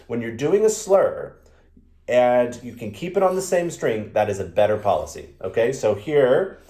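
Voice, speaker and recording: A man's voice: medium pitch, big pitch swings, moderate pace, mellow. A man teaching a violin lesson, patiently counting beats aloud in a sing-song way. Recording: echoey room with violin playing.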